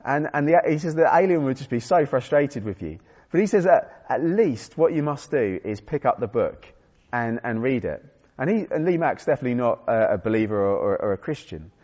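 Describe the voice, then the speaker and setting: A man's voice: mid-range voice, expressive, fairly quick, darkish tone. A man preaching a conversational sermon with self-deprecating humor and frequent restarts. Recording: dull sound in a reverberant hall.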